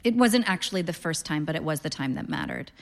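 A woman in her thirties reading a literary story aloud in a dry, deadpan first-person voice. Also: deep voice, fast, gravelly, in a large hall. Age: 30s. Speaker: narrator, reader.

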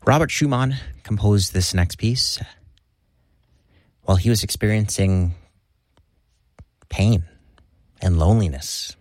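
A man announcing on a classical radio station, calm and measured. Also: lowish voice, no echo, clean studio sound.

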